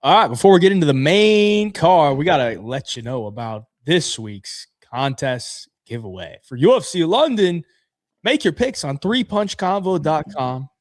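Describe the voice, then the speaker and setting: A man's voice: on the high side, animated, moderate pace, no echo, studio quality. A man co-hosting a casual fight-picks show, laid-back and chatty, reading sponsor plugs too. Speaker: podcast co-host.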